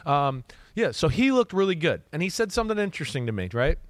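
A fast-talking man with a voice on the high side, recorded dry, co-hosts a casual football talk show as a podcast analyst. He's a lively storyteller who voices player quotes himself and leans on many "right?" asides.

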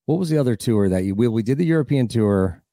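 A man's voice: mid-range voice, lively intonation, quick pace, warm tone, dry recording, studio quality. A man hosting a podcast, chatting casually and tossing in joking asides. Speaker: podcast host. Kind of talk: casual chat.

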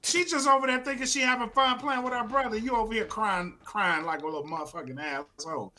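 Bright-voiced man ranting with cusses. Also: high voice, fast, few pauses. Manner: profane, ranting, mock-scolding. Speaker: podcast co-host. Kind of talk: comedic casual chat.

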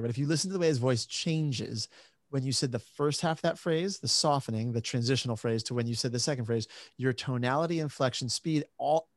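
A male host cutting in with an eager, quick explanation. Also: mid-range voice, dry recording, clean studio sound. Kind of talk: podcast commentary.

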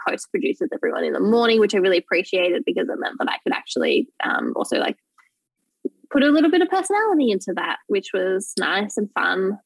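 A woman's voice: on the high side, no echo, poor audio. A young Australian woman telling work stories as an interview guest, bubbly and often laughing, with lots of "like". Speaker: guest, journalist. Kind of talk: casual interview chat.

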